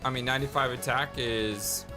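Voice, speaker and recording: A man's voice: medium pitch, steady tone, a little fast. A man hosting a let's play, giving upbeat, chatty gameplay commentary and laughing easily. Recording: loud game music behind.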